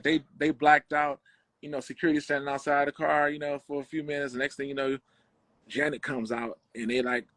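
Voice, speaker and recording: A man guest on a conversation show, telling a story in relaxed slang and acting out what others said. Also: on the high side, no room sound, poor audio. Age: adult with children. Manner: slangy, relaxed street talk; acts out quoted dialogue. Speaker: podcast guest, bassist.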